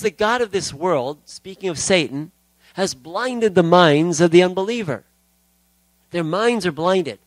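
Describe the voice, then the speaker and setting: A male preacher delivers a sermon in an easy, conversational storytelling manner, weaving scripture quotes into his talk. His voice sits a little high for a man. The sound is dry and close, with no room echo.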